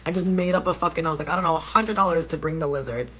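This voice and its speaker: A woman's voice: low-pitched, racing, slightly rough, lo-fi sound. A young woman vlogging casually from a hotel room, chatting with her viewers, reading out their questions and swearing freely. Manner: chatty and animated, swears often, reads out chat questions. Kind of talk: casual chat.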